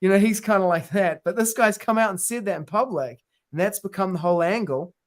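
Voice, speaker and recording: Podcast co-host, male, high-pitched, chatty storyteller, slangy. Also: fairly quick. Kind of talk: casual chat.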